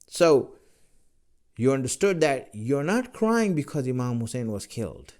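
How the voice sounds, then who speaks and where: A man giving a religious lecture, pressing his listeners with rhetorical questions in a measured, emphatic way. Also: mid-range voice, very animated, darkish tone. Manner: rhetorical questions, role-plays the listener's replies.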